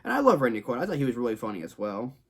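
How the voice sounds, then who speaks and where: A man's voice: medium pitch, wildly swooping pitch, rapid-fire, gravelly, slightly rough. A man from Texas giving a casual movie review to camera, rambling and repeating himself, with frequent restarts. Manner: rambling, repetitive, frequent restarts and stock phrases. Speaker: film reviewer. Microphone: talking to camera.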